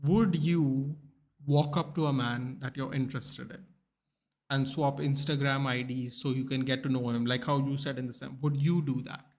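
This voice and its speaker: In a casual live-stream chat, a young man from India speaks at medium pitch and a moderate pace. He comes across blunt and animated, swearing often and calling people dude.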